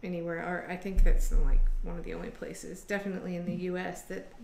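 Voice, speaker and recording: A woman's voice: lowish voice, quick pace, creaky, reverberant, heavy background noise. A woman from Michigan hosting a casual chat over a video call, rambling with many fillers. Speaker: host.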